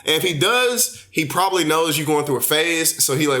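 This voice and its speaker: Young guy on a podcast, bright voice, slangy storytelling, swears a lot. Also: a little high, fairly quick. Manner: animated storyteller, slangy and profane. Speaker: podcast host. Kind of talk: casual chat.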